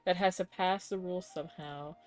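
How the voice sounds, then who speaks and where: A woman's voice: on the low side, steady tone, brisk. A young woman streaming a game live, reacting with emotional exclamations and reading game text aloud. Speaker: VTuber streamer.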